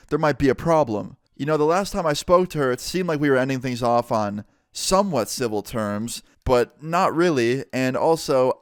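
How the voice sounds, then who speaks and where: Young man, vlogger, animated storytime, swears casually, smooth clear voice, dry close sound. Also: medium pitch, no echo. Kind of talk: storytime vlog.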